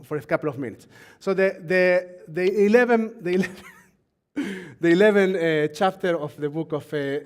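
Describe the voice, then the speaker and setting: Chatty man teaching a live-streamed sermon. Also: high-pitched. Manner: chatty, laughs often, asks the congregation and crew directly for attention; reads scripture slowly and deliberately. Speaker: rabbi leading a Shabbat service.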